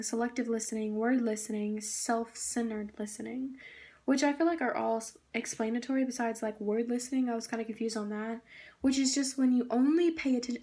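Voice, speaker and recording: Young woman, student presenter, eager, filler-heavy, slightly high voice, casual talk about a book. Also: a little mellow. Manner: enthusiastic, many fillers, reads quotes aloud.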